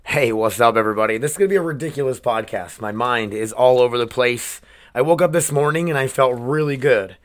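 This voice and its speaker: A medium-pitched, fairly quick male voice belongs to a man in his twenties hosting a solo podcast. Emotionally worn down, he rambles, swears, and keeps restarting sentences in a casual rant.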